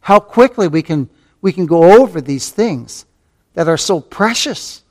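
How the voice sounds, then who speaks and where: In an unhurried, animated sermon, a pastor speaks with a high pitch and a darkish tone. He repeats key phrases, asks rhetorical questions, calls the listeners beloved, and rises to fervent emphasis.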